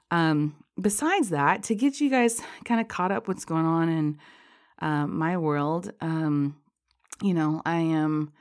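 A woman's voice: deep voice, darkish tone. A heavily pregnant woman hosting a spiritual podcast, talking casually and rambling with many fillers and frequent laughs. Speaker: podcast host.

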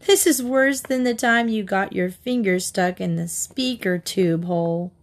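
A woman's voice: medium pitch, measured pace, lightly acted. A woman voicing a giggly, easily worried young girl in a storybook reading.

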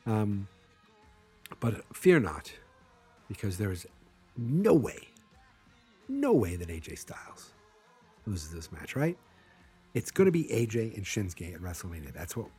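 A man's voice: on the low side, a little mellow, slightly rough. A man hosting a wrestling show, giving casual, rambling, jokey predictions.

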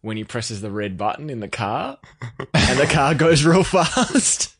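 A man's voice: mid-range voice, very animated, slightly rough, no room sound, studio quality. A man co-hosting a casual film chat, laughing easily as he talks. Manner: giggly, quick to laugh. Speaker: podcast co-host. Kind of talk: casual chat about films.

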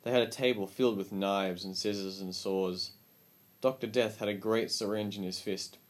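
A man reading a story aloud as an audiobook narrator, with calm, measured storytelling. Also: lowish voice.

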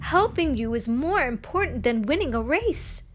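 A woman reading a storybook and voicing a loyal, kind young princess in a bright, caring tone. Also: high voice, big pitch swings, moderate pace, slight background noise, pitched above the performer's own voice. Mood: tender.

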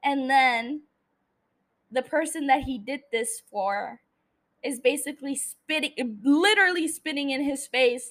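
Woman podcast host, high voice, emotional, foul-mouthed casual recap. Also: a little slow, a bit bright. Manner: emotional, heavy swearing, angry ranting.

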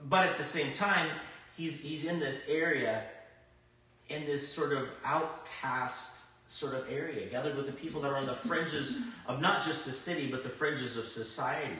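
Emphatic preacher in a very echoey hall. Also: male voice, mid-range voice, normal speed, recorded from a distance. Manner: conversational, swings from loud emphatic bursts to quiet reflection. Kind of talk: sermon. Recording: very echoey room, speaker off-mic.

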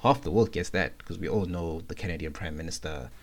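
A man co-hosting a podcast, talking in a measured, laid-back way. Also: low-pitched. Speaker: podcast co-host. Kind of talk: casual podcast chat.

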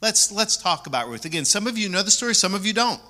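A man preaching a sermon as pastor, repeating key words for emphasis and moving between loud stresses and soft asides. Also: sits high, very animated, quick pace.

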